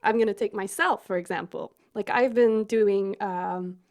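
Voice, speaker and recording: A woman's voice: mid-range voice, normal speed, darkish tone. Woman podcast host musing aloud. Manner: reflective, with many fillers and restarts. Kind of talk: casual interview chat.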